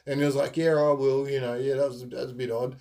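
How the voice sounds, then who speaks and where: A man's voice: mid-range voice, flat delivery, racing, gravelly, warm tone. A man telling rambling stories in a casual monologue, full of ums and giggles. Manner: rambling, giggly, lots of fillers. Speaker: podcast host.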